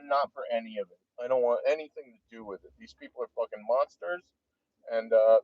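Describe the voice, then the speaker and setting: A man's voice: medium pitch, no room sound. A man from New Jersey with a New Jersey accent, talking in a rambling monologue to camera that is heavily profane and keeps trailing off. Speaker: vlogger. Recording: dull lo-fi dry recording.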